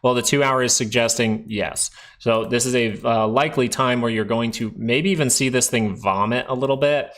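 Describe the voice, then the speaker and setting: A man's voice: medium pitch, fairly even intonation, moderate pace, hardly any pauses, a bit bright. A young man hosting a casual stock market livestream, chatting loosely and talking straight to his viewers in the chat. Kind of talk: casual live-stream market commentary.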